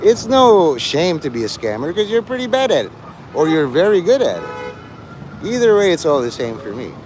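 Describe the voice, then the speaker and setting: A sarcastic man streams live, teasing a viewer in a lively, swooping voice that sits a little high. His tone is mocking and crude. Faint traffic hums in the background. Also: normal speed. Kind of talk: rambling livestream banter.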